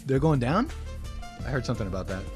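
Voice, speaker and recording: Guy in his 20s chatting on his stream, reads out chat messages, kinda rambly, soft music in the back. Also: medium pitch, sing-song, fast talker. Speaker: livestream host. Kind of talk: casual livestream chat.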